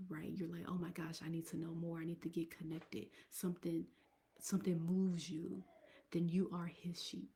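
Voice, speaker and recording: A woman chats to her viewers on a live stream. Her voice is low and mellow, with a warm, relaxed tone. She sometimes drops into a near whisper. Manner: chatty, addresses viewers directly, drops into whispers. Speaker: tax professional hosting a live stream. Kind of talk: casual live stream talk.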